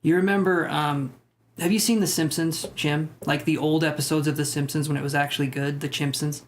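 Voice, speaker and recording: A man's voice: a little high, fairly even intonation, fairly quick, a little hiss or hum. Joking, rambling man chatting on a livestream. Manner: rambling, self-deprecating, joking with chat. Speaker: tarot livestream host. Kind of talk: casual live-stream chat reading comments.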